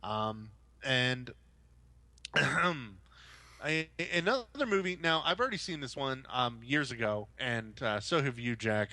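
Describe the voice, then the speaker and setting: Young adult man, casual podcast chat, forceful bright tone, close dry sound, animated rambling. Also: medium pitch, dry recording. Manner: rambling, animated storytelling with mock-quoted voices. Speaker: podcast co-host.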